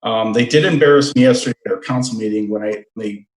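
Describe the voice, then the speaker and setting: A middle-aged man, a fire chief, giving an unhurried, earnest safety report at a city meeting. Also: fairly low pitch. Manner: plain-spoken, earnest, unhurried. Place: council meeting room. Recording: echoey meeting room.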